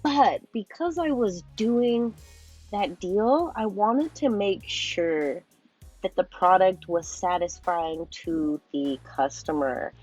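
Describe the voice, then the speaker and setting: A young woman in her twenties, a podcast guest telling a story in a casual, animated way with frequent laughs. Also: medium pitch, slow pace, breathy edge, muffled recording, soft background music. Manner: animated, laughing often, swearing.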